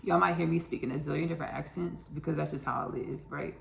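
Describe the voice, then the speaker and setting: Gravelly-voiced Texan woman cooking and chatting. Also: sits low, fairly even intonation, fast talker, roomy sound. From Austin, Texas. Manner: chatty, repeats phrases, laughs at own jokes. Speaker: home cooking host. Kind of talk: casual cooking vlog.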